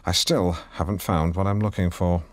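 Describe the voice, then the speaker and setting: A man's voice: low voice, fairly even intonation, normal speed. A man hosting a comedy radio show, pompous and blundering, often stumbling over his words. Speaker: radio presenter.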